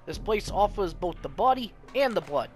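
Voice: medium pitch, lively intonation, normal speed, darkish tone, faint music behind, natural voice. A player doing a smarmy preaching vampire. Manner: unctuous, sermonizing. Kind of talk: voicing game dialogue.

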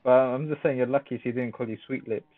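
A man's voice: mid-range voice, fairly even intonation, fast, no echo. A man casually chatting and joking while playing a game with friends. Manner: teasing, jokey, laughs a lot. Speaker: Minecraft let's player. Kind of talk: casual gaming chat. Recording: dry, phone-like voice chat.

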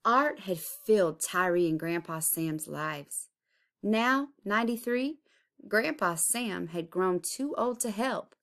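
A woman's voice: mid-range voice, animated, slow, fairly bright tone. A woman, an art teacher, reading a picture book aloud expressively, chanting its rhyming refrains. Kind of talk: storybook read-aloud.

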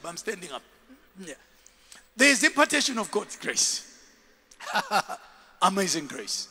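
A man preaches a lively sermon with a high, bright, ringing voice, calling on his congregation to repeat after him. His words echo with a long reverb through a large church hall, a live recording from the pulpit. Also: vocal fry, breathy edge. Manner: animated, call-and-response preaching with laughs. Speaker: bishop, preacher.

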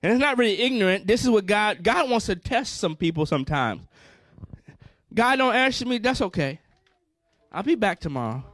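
A pastor preaches a sermon in a high, fervent, animated voice at normal speed, repeating phrases and calling on the congregation to answer. His Black voice colors every line, and the slightly bright sound is dry and close with no room around it.

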